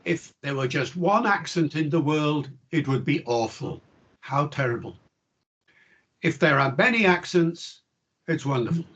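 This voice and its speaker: Husky older male professor, measured. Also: a little high, animated, a bit bright, muffled recording. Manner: measured, reflective, emphatic. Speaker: linguistics professor, interview guest. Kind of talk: explanatory interview answers.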